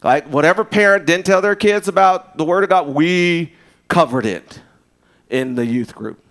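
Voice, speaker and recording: A pastor with a slightly high voice preaches a sermon at a normal speed. His delivery is loose and conversational, full of restarts and asides, swinging between loud emphasis and hushed tones.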